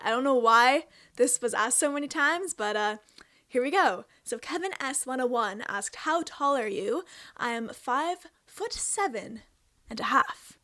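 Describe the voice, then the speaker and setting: A woman's voice: sits high, sharp tone, no room sound. A Canadian woman in her twenties hosting a casual question-and-answer vlog, chatty and self-amused. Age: 20s. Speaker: host.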